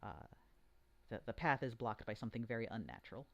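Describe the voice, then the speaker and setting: Halting dungeon master narrating a game. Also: mid-range voice, expressive, dull audio. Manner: halting, with many fillers and restarts.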